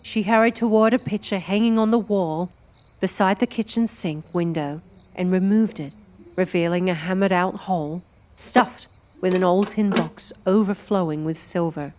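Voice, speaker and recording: A woman narrating a fantasy audiobook with an expressive storytelling delivery. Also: fairly low pitch, moderate pace, slight background noise. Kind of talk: scripted narration.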